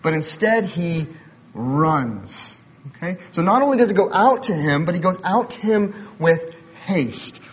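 A man's voice: high voice, big pitch swings, unhurried, husky. A man in his thirties giving a sermon as a pastor, conversational, mixing personal stories with building emphasis.

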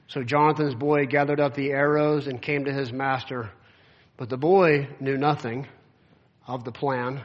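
A man's voice: fairly high pitch, steady tone, moderate pace, muffled recording. A man preaching a sermon, reading scripture aloud and explaining it in a casual, conversational way with lots of filler words. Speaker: pastor.

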